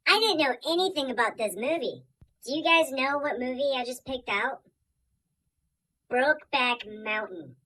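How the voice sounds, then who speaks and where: A woman doing a comic storytime monologue with a bright, forward voice. She is animated and theatrical, jumping from loud punchlines to quiet murmured asides. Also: high voice, normal speed, low-quality recording. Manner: animated, swings loud and soft. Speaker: comedian.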